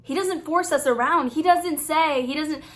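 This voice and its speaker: A young woman, a Christian YouTuber, giving an earnest, expressive faith teaching to camera. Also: high voice, moderate pace. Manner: earnest, expressive, playfully acts out quoted thoughts. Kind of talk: faith-based teaching vlog.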